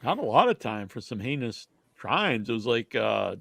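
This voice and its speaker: A man co-hosting a wrestling podcast, cracking dark jokes and announcing matches in casual chat. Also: medium pitch, big pitch swings, moderate pace, vocal fry, no echo. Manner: wisecracking, reads out the match card. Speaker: podcast co-host.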